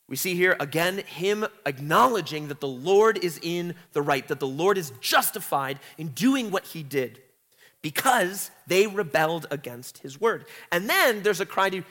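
A man's voice: a little high, lively intonation, a little slow, pushed and bright, long reverb tail. A man reading scripture aloud and explaining it, earnest, sometimes breaking into emphatic paraphrased cries. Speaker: Bible teacher.

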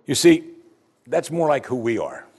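Animated husky-voiced man preaching. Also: mid-range voice, moderate pace. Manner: animated preaching, reads scripture aloud with dramatic emphasis. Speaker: pastor. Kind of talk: sermon.

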